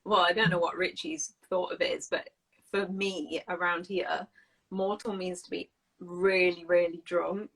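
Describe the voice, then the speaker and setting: A woman's voice: on the low side, level tone, measured pace, fairly bright tone, poor audio. A woman chatting casually on an English-learning live stream, explaining slang words with many "like" fillers.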